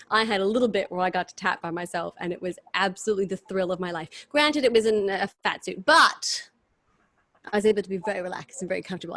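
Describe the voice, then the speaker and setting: A woman, chatting as an interview guest in animated, restart-filled stories over a video call. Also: medium pitch. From New York City. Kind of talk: casual chat.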